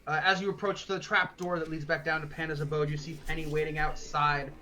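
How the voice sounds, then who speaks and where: A dungeon master narrating a tabletop game quickly, with relaxed fillers. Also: medium pitch, poor audio.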